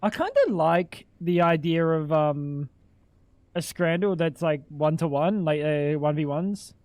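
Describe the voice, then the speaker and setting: A man's voice: on the high side, animated, unhurried, a little mellow, no echo. A young adult man streaming live, chatting casually with crude jokes and swearing, sounding incredulous.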